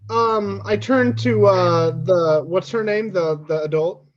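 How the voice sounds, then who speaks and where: A man's voice: high voice, takes it slowly. A man playing a tabletop game who speaks hesitantly and often restarts his sentences. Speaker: player. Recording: dull lo-fi audio.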